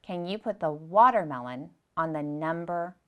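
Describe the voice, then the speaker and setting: A young woman teaching preschoolers, gentle and patient, speaking slowly and clearly and repeating her directions. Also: sits low, expressive, phone-quality sound. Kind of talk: slow, clear lesson for young children.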